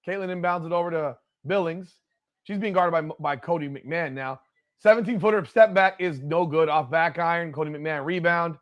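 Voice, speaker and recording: High-voiced excitable man calling plays. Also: moderate pace. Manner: excitable, critical, cursing, heckling players. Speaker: watch party host. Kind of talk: live play-by-play commentary.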